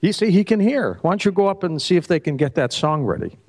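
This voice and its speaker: Middle-aged male host, stage joke-teller, lively swooping delivery, plays every character. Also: fast. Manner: animated, acts out the characters with pitch jumps. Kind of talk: live stage joke-telling. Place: festival stage before an audience.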